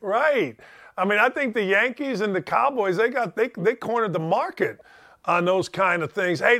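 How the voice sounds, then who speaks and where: A man hosting a show, interviewing a guest in a relaxed, blunt way and laughing along. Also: sits high. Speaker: radio show host. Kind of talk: casual interview.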